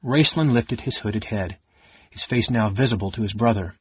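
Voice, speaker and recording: A man narrating a fantasy novel in a steady, measured reading. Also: fairly low pitch, breathy edge, no room sound, dull audio. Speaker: audiobook narrator. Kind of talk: scripted narration.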